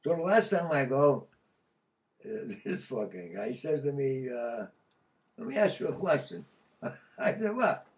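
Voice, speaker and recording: An older man from Connecticut telling a story casually, profane and animated, laughing mid-sentence. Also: mid-range voice, measured pace, pauses often, distant mic. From Connecticut, USA. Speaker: podcast guest.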